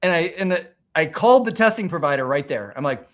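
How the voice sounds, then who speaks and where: A man hosting a livestream, telling stories in a casual, animated way, often restarting his sentences. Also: a little high, quick pace. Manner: animated, rambling storytelling with many restarts. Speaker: livestream host.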